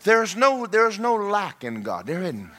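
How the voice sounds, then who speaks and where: Lively high-voiced preacher. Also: male voice, unhurried. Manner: folksy, repeats himself, preaches in bursts. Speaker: pastor. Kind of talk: sermon.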